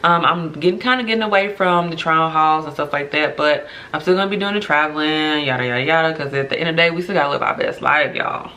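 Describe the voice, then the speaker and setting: A woman's voice: low-pitched, quick pace, hardly any pauses, pushed and bright. A young adult woman hosting her podcast, talking in an earnest, chatty way straight to her listeners and laughing through emotional moments. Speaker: podcast host. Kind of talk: casual heartfelt podcast monologue.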